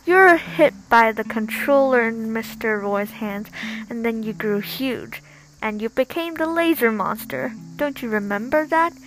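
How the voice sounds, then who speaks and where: A woman voicing an upset young girl who shouts and scolds in a raised, high voice. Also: animated, a little slow, a little hiss or hum, rough recording. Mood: angry.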